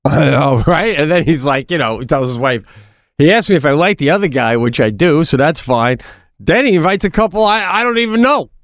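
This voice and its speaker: A man's voice: on the high side, normal speed, no room sound, studio quality. A middle-aged man co-hosting a podcast, laughing often and acting out conversations in a casual chat. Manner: laughing, animated, acts out conversations. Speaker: podcast co-host.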